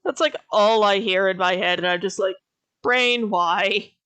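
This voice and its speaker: A woman's voice: medium pitch, fairly quick, a bit bright, clean tone, no room sound. A woman streamer chatting casually and laughing often.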